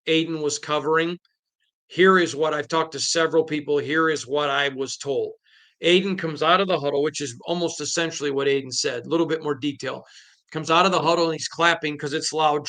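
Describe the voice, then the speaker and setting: A man's voice: on the high side, pushed and bright. A man hosting a sports podcast, talking alone in an emphatic storytelling manner and retelling conversations. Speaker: podcast host. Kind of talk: solo sports podcast commentary.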